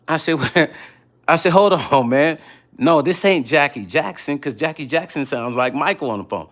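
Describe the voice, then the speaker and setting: A middle-aged man chatting casually late at night on his vlog, telling animated stories and repeating himself for emphasis. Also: medium pitch, normal speed. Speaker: vlog host reading viewer comments.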